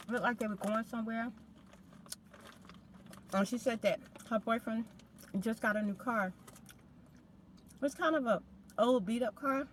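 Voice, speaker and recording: A woman's voice: fairly high pitch, slight background noise. A middle-aged woman hosting a storytime, talking casually in a rambling, conversational way. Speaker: ASMR storytime host.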